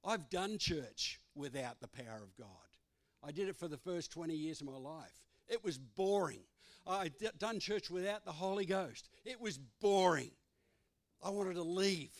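A male pastor delivering a sermon. His voice sits a little high for a man, and he drives his points with emphatic, repeated phrases. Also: animated, moderate pace. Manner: emphatic preaching with repetition.

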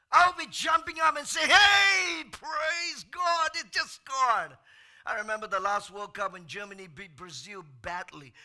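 A man with a very high, bright and piercing voice preaching a sermon. He speaks slowly and deliberately, dropping low and soft before rising to shouted exclamations and questions thrown at the congregation. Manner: swings from soft, slow talk to shouted outbursts. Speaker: pastor.

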